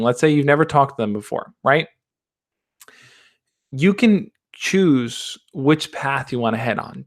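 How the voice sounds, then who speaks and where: A young man hosting a livestream, reading out viewer questions and answering them in a relaxed, reassuring way. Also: fairly high pitch. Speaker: dating advice host. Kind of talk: casual livestream chat.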